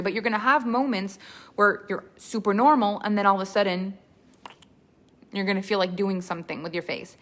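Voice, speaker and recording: A woman storytelling coach teaching a live online workshop in an animated, expressive way, laughing often. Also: medium pitch.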